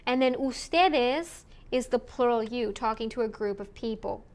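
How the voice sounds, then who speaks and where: A woman teaching a recorded language lesson, slowly modeling words for students to repeat. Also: fairly high pitch, darkish tone. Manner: slow and deliberate, models words for repetition. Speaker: Spanish teacher.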